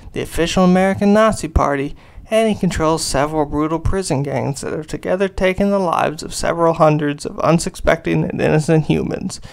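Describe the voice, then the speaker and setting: A man's voice: on the high side, vocal fry, clean tone. A man reading an over-the-top comic rant aloud in a furious, melodramatic, escalating way.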